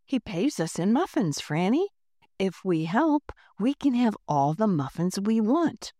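A woman's voice: mid-range voice, very animated, measured pace, mellow, no room sound, clean studio sound. A woman voicing a dazed, listless schoolgirl who talks weakly in a storybook reading. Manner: weak and listless. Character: dazed, muffin-obsessed schoolgirl.

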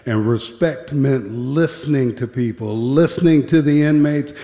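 A man, a former prison guard, telling a personal story in a measured, grave way with deliberate pauses. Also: medium pitch, dark tone. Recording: echoey hall with long reverb.

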